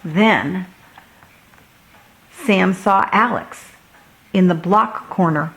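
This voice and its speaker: Slow, gentle woman reading aloud. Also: fairly low pitch, vocal fry, poor audio. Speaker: children's book reader. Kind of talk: storybook read-aloud.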